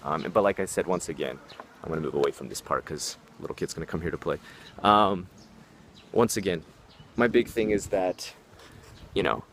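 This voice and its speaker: A man's voice: low voice, normal speed, long pauses, fairly bright tone. A young man talking casually in a vlog, rambling with lots of fillers and swearing, recorded outdoors in a park. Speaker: vlogger giving tips on life abroad. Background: faint traffic and outdoor ambience.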